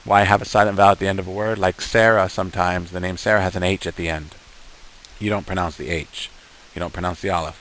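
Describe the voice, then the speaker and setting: A man with a deep, low-pitched voice teaches a beginner lesson. He is patient and unhurried, repeating each syllable and word so the learner can follow along. A faint hiss runs under the recording. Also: steady tone, a bit bright, poor audio. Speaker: Hebrew teacher.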